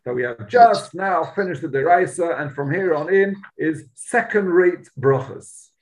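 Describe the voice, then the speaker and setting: A man's voice: a little high, unhurried, poor audio. Man teaching Talmud. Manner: explains Aramaic text line by line in English, emphatic. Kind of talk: Talmud lesson.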